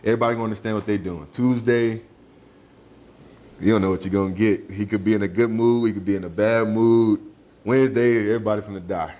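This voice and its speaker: Young man, lowish voice, casual interview, laid-back slangy talk, laughs easily. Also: steady tone, fast, warm tone. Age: young adult. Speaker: high school football recruit.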